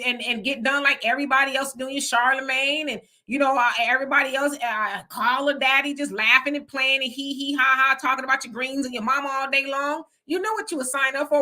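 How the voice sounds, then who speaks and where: A woman hosts a casual livestream, speaking bluntly and conversationally as she reads out viewers' comments and greets them by name. Her voice is bright and forceful and sits a little high. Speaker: livestream host.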